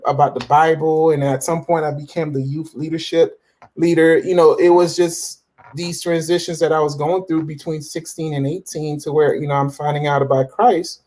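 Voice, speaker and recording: A man's voice: a little high, darkish tone. A man in his forties speaking as an interview guest, telling his faith story with self-assured conviction and plenty of restarts and fillers. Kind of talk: casual interview talk about faith.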